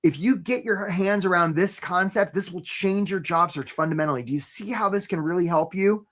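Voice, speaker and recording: A man's voice: sits high, a little fast, fairly bright tone. A man hosting a live career webinar, talking energetically and conversationally, often checking in with "right?" and greeting attendees by name.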